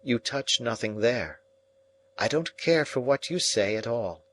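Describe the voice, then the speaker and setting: A calm, cold young woman, read by a man. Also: mid-range voice, measured pace. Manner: calm, detached.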